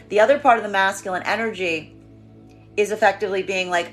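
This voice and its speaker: A woman's voice: mid-range voice, steady tone, fast, faint music behind. A woman giving a collective tarot reading, emphatic and prone to repeating phrases as she acts out what the energies are saying. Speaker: tarot reader.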